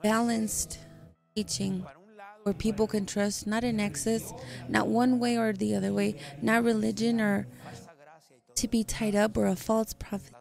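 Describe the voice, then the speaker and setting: A woman interpreting a sermon into English live, speaking in short measured phrases with a gravelly voice. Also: mid-range voice, level tone, darkish tone, faint music behind.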